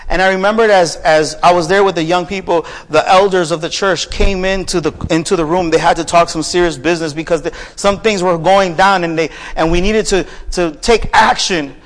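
A man preaching a sermon, telling a personal story softly and then rising into fervent preaching. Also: high voice, steady tone, fairly quick, few pauses. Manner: builds from soft storytelling to raised, fervent preaching.

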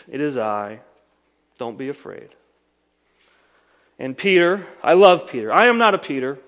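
A man preaching a sermon, telling a scripture story dramatically, swinging from loud emphasis to hushed lines. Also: mid-range voice, long reverb tail. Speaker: pastor.

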